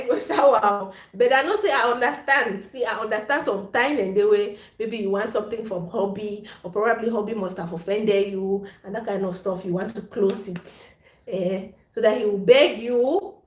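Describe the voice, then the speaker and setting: A woman's voice: medium pitch, moderate pace. Frank, laughing woman in an echoey room. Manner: frank and playful, laughs often, mixes Pidgin into English. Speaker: host of a live chat stream. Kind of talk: casual chat with viewers.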